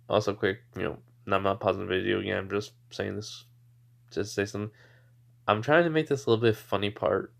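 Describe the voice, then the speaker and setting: A man's voice: lowish voice, fairly even intonation, a little fast, gravelly. Rambling man telling a fan story. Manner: rambling, full of fillers like "you know". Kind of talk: casual improvised storytelling.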